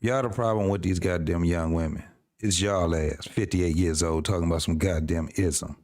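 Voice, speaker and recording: A man's voice: sits low, steady tone, normal speed, darkish tone, no room sound, clean studio sound. A man hosting a podcast, reacting to video clips with exasperated, profane ranting.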